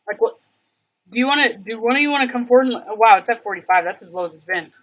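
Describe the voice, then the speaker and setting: A woman's voice: fairly high pitch, lively intonation, fast talker, dull audio. A woman hosting a casual livestream, rambling and thinking aloud with many fillers. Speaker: livestream host.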